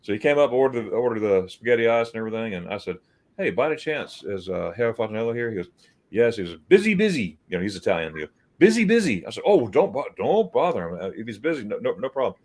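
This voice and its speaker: This US livestream host speaks low with big swings in pitch and a slightly mellow quality, moving at a quick pace. Chatting casually, he tells stories loosely, repeating words as he stumbles and performing the quoted lines of the people involved.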